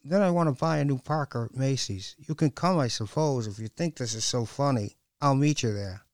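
A man's voice: mid-range voice, normal speed, dry recording, pitched above the performer's own voice, natural voice. A man voicing a weary, wry young woman with a dry manner. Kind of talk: audiobook dialogue.

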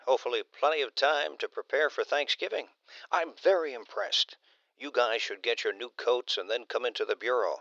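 A man voicing a smooth, coaxing male friend with a gravelly, reassuring manner. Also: mid-range voice, a little fast, pushed and bright, no echo, dull audio.

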